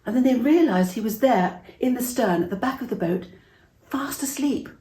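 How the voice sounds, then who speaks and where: A woman's voice: fairly high pitch, animated, moderate pace, warm tone, roomy sound, low-quality recording. An older woman telling a Bible story to young children, chatty and interactive, asking them questions as she goes.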